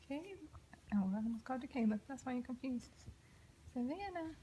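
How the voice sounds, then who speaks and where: Coaxing mother in lively baby talk. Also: sits high, fairly quick, slight background noise. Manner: coaxing, sing-song, often half-whispered.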